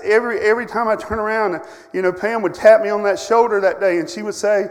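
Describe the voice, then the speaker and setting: A middle-aged man preaching a sermon, telling personal stories with feeling, rising loud and then dropping to a hush. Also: high-pitched, steady tone, fairly quick, hardly any pauses. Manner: emotional storytelling, swings from loud to hushed. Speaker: camp director preaching. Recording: long hall reverb.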